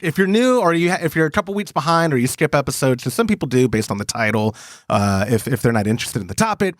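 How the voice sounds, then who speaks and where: A man's voice: fairly high pitch, quick pace, no echo, studio quality. A man hosting a podcast, telling stories in casual chat and quoting others as he goes. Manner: animated storytelling with quoted voices. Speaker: podcast host.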